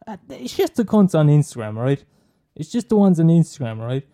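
A man's voice: fairly high pitch, very animated, fairly quick, mellow. An Irish man hosting a podcast, rambling in a casual monologue, swearing, laughing and teasing his listeners. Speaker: podcast host recommending films.

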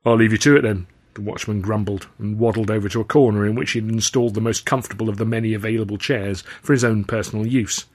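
A man reading his own novel aloud, with measured, wry storytelling. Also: on the low side, steady tone, darkish tone. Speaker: author and reader.

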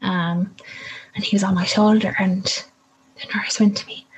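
A woman's voice: medium pitch, little pitch movement, unhurried, a little hiss or hum, poor audio. A young woman telling a personal story in a vivid way, acting out the voices of the people in it.

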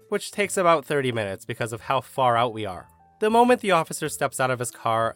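A man narrating online stories, telling them with sarcastic asides. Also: mid-range voice. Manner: lively storytelling with sarcastic asides. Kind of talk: story narration.

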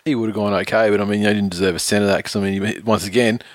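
A man talking sport on a podcast in a lowish voice, recorded close and dry. He rambles with lots of fillers, laughs easily and swears freely. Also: steady tone, racing, no room sound. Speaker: podcast co-host. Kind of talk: casual sports chat.

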